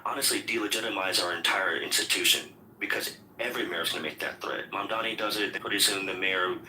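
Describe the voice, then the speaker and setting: A man's voice: low-pitched, fast, sharp tone, roomy sound, slight background noise, poor audio. A man hosting a heated political debate, insistent and repeating himself as he tries to hold the floor. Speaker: room host.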